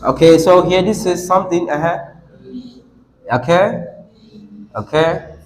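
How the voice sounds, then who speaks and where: A man's voice: high-pitched, fairly even intonation, measured pace, a little hiss or hum. A man teaching an English class on word stress, asking students questions and repeating words with the stress moved around. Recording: echoey classroom.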